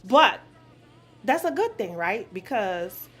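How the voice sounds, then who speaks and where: A woman's voice: medium pitch, big pitch swings, takes it slowly, a bit bright, soft background music. A woman in her forties from New Orleans, answering questions in a blunt, profane casual chat and laughing easily. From New Orleans, USA. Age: 40s.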